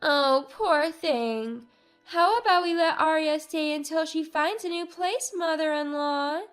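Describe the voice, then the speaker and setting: A woman's voice: a little high, expressive, slow pace, faint music behind. A woman voicing a smug young mother who lectures with false sweetness and a raised voice. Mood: fake pity.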